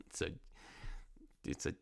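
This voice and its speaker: A young man with a cold telling a rambling comic story, full of fillers, sometimes jumping into squeaky voices for the people he quotes. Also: pushed and bright, dry recording, clean studio sound. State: nasal from a cold. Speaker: comedy podcast host.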